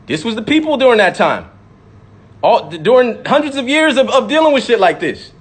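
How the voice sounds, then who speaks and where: A man's voice: very high voice, very animated, a little fast, husky. A man, a rapper, delivering an impassioned, profane monologue to camera and repeating words for emphasis.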